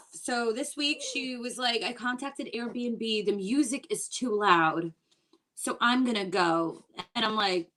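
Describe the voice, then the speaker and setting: A woman with a mid-range, slightly bright voice performs a stand-up set online from her home. She recounts exasperating stories in a chatty manner, doing voices when quoting people.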